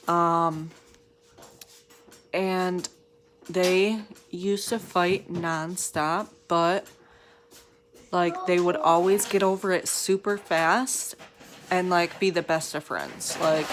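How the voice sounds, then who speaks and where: A woman's voice: on the low side, background noise. A young woman and mother of three talking casually to camera in a rambling, chatty way, full of fillers.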